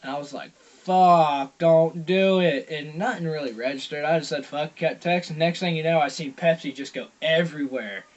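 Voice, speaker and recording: A young man telling a rambling story in a casual vlog, swearing constantly and acting out loud quotes. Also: fairly high pitch, fairly quick, few pauses, highs cut off. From Georgia, US. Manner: profane, rambling, heavy swearing. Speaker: vlogger.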